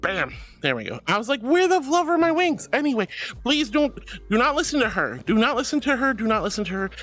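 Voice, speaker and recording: A woman's voice: on the high side, big pitch swings, quick pace, a bit bright. A young woman streamer chatting playfully with her viewers, giggling often, with faint music behind her. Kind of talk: casual live-stream chat.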